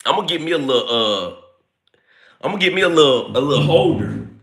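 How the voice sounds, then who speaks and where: A man hosting a casual livestream, chatting playfully and greeting viewers by name in relaxed, informal speech. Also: medium pitch, quick pace, vocal fry. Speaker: livestream host greeting chat.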